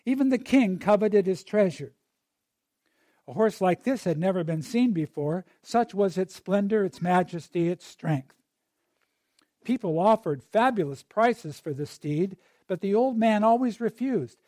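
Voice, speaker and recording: A man's voice: high voice, expressive, unhurried, dark tone, dry recording. A man preaching a sermon in a conversational way, with asides and little digressions as he tells a story.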